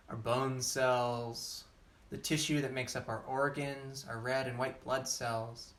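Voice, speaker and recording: A man leading a live laughter yoga session, coaching gently through breathing and laughter with an unhurried, encouraging manner. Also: medium pitch. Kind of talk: guided live-streamed session.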